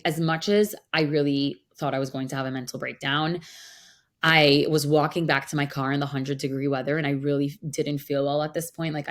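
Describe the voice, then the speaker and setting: Low-voiced woman telling a story. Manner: animated, frequent "like" fillers. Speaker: podcast co-host, mental health counselor. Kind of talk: casual storytelling chat.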